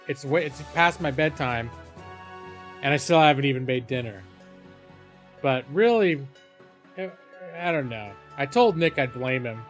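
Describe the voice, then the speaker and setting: A man's voice: medium pitch, expressive, normal speed, pauses often. A male game streamer talks casually and rambles at a home setup late at night. He sounds self-deprecating and keeps his voice down, with faint music playing under his mid-range voice. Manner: rambling, self-deprecating, talking hushed after being shushed. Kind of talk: casual live-stream chat.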